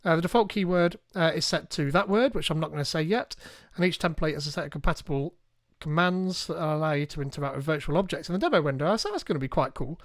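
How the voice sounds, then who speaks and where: A man hosting a live tech tutorial, reading instructions aloud and thinking out loud as he goes. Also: a little high, expressive, fast talker, hardly any pauses, no room sound, studio quality. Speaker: tech streamer.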